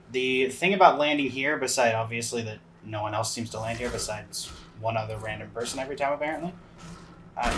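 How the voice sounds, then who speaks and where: A man's voice: mid-range voice, noisy background. Man with a dry, sarcastic commentary voice. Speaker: game commentator. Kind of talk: casual gameplay commentary.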